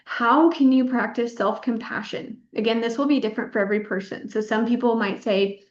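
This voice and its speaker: A woman's voice: a little high, fairly even intonation, a little fast. Encouraging woman teacher in an echoey room. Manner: warm encouraging teacher, repeats words for emphasis. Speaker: pelvic health physical therapist teaching a workshop. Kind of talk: workshop presentation. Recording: echoey room, dull lo-fi sound.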